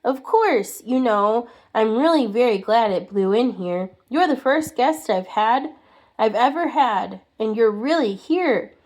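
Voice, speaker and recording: Woman doing a squeaky, shy little man. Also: lively intonation, unhurried, a little mellow. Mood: shy friendly. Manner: stammering, pleading.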